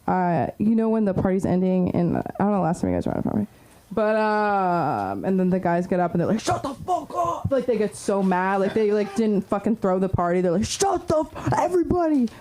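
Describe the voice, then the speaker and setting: A woman's voice: fairly low pitch, animated, fairly quick, warm tone. A young woman hosting a comedy open mic on a club stage, bubbly and rambling as she tells a story.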